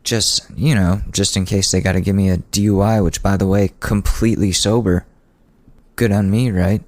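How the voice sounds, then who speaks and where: Deep-voiced man telling a sardonic story. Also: fairly even intonation, moderate pace, a little mellow, dry recording. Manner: sardonic, rambling, many restarts. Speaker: podcast host. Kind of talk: casual comedic storytelling.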